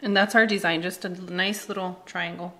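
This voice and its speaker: A woman's voice: lowish voice, fairly even intonation, normal speed, fairly bright tone. Home cooking host, woman, 30s, playful and chatty, tosses in Spanish words. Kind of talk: casual cooking demonstration. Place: home kitchen.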